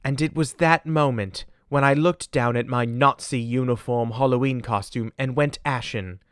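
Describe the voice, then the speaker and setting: A man doing a clueless young English royal reads his own audiobook in a put-on English accent, solemn and deadpan no matter how absurd the confession. The voice is smooth and clear at an ordinary pitch. The recording is close and dry, like a studio booth. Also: normal speed, dry recording, close to an everyday voice. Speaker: comedian. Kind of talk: parody audiobook narration.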